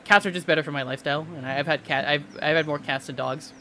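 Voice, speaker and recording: A man's voice: a little high, fairly even intonation, fast, pushed and bright, a little hiss or hum. A young man casually chatting and rambling with stammered restarts while streaming a game. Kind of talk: casual gameplay commentary. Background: game music.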